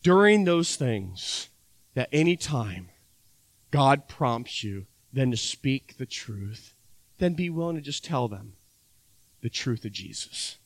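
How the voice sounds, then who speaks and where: A man's voice: medium pitch, big pitch swings, slow, dry recording. A man preaching a sermon as pastor, talking conversationally and acting out little dialogues with his listeners.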